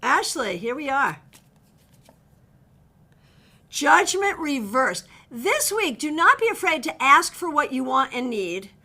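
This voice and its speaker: Bright, high-voiced woman reading tarot. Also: big pitch swings, unhurried. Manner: chatty, direct, greets viewers by name. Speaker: tarot reader. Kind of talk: live-stream card readings.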